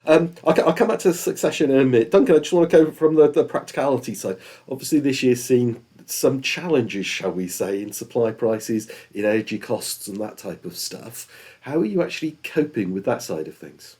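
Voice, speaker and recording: A man's voice: mid-range voice, expressive, brisk, warm tone, breathy edge. A man hosting a business podcast, asking conversational, probing interview questions.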